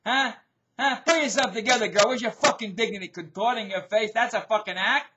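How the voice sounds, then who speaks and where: A man's voice: high-pitched, fairly quick, lo-fi sound, very noisy. Middle-aged man ranting profanely. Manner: profane, loud, repetitive ranting. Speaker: show host. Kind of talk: ranting video commentary.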